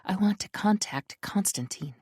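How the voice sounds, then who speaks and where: A woman reading a first-person audiobook in an even, steady manner. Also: medium pitch, moderate pace, breathy edge, dry recording, clean studio sound. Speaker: narrator.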